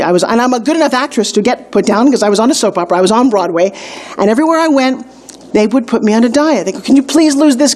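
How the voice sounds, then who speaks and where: In a motivational video lesson for a weight-loss course, a middle-aged woman speaks with upbeat emphasis, telling stories and tossing in quick asides. Her pitch is fairly high and her tone darkish.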